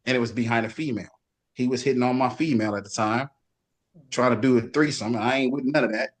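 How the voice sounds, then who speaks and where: A middle-aged man, a guest bodybuilder, telling lively backstage stories and imitating other people's voices in casual chat. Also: medium pitch, fast. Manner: animated storyteller, does voices of others. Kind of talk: casual storytelling.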